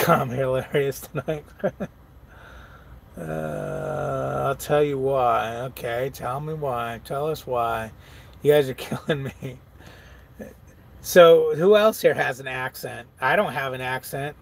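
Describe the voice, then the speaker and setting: A man's voice: medium pitch, takes it slowly, vocal fry, slight background noise. A truck-driving man in casual live-stream chat, laid-back, laughing often and reading viewer comments aloud. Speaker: truck driver vlogger.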